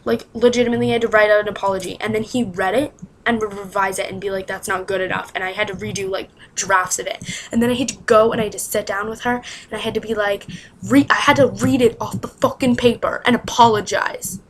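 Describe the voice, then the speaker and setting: A woman's voice: mid-range voice, steady tone, quick pace, a little hiss or hum, rough recording. Rambling young woman full of "like". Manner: rambling, heavy use of "like", exasperated asides. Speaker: vlogger. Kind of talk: casual storytelling to camera.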